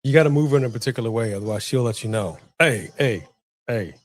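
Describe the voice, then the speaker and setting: Man, mid-pitch, chatty livestream co-host. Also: racing. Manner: chatty, animated, addresses the chat. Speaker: co-host of a wrestling watch-along. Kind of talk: casual live-stream chat.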